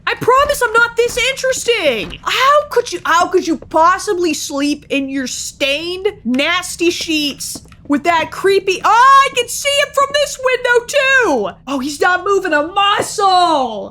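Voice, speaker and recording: A woman streamer giving casual commentary on a horror game, excitable, swearing and shrieking. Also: very high-pitched, a little slow, few pauses. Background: faint game music.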